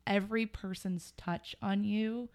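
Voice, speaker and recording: Gravelly young woman, earnest chat. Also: medium pitch, fairly even intonation, a little slow, a little mellow. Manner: reflective, earnest, some swearing. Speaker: podcast co-host. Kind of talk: casual chat.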